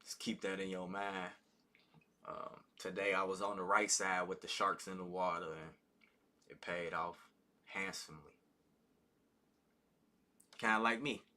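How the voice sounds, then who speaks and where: Man with a very bright, sharp voice. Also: deep voice, steady tone, a little slow, pauses often. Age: adult with a child. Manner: casual, loose, conversational with many fillers. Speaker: trading stream host. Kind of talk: live market commentary and teaching.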